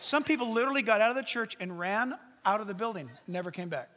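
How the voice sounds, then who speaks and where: A man pastor giving a sermon, telling a humorous story and swinging between loud preaching and hushed asides. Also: high voice, expressive, fast, a little hiss or hum. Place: church sanctuary stage. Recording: long hall reverb.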